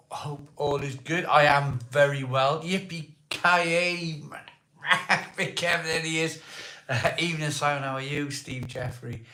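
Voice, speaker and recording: A Welsh man with a voice hoarse from a cold, hosting a casual live stream, greeting viewers by name and asking for likes. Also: medium pitch, a bit bright. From Wales. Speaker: livestream host. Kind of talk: casual live chat reading viewer comments. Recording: echoey room.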